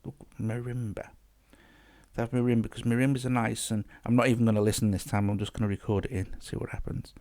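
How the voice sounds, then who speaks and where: A man with a fairly low voice walks through a music app in a casual tutorial. He chats as he goes, thinking aloud and restarting half-finished phrases. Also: level tone, fast talker, darkish tone. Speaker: app demo host.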